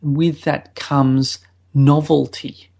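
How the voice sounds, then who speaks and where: Male podcast co-host, gravelly voice, slow and thoughtful delivery. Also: on the high side, flat delivery, darkish tone. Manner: measured, thoughtful, drawn-out phrasing. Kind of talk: casual sex-education chat.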